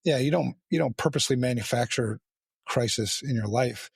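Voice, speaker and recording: A man hosting a podcast, talking candidly and bluntly with a lot of swearing and halting restarts. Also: medium pitch, creaky, husky, no echo, clean studio sound. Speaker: podcast host. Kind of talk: candid casual conversation.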